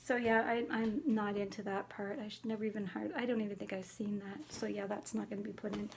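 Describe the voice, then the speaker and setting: A middle-aged woman chatting casually about her cross-stitch haul, chatty and excitable. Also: medium pitch, brisk, creaky.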